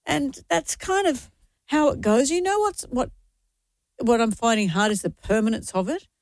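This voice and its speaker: A woman in her sixties co-hosting a radio show, talking with halting restarts while grieving. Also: a little high, no room sound, clean studio sound. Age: 60s. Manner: emotional, halting, frequent restarts. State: grieving, tearful. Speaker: radio co-host. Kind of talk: casual on-air chat.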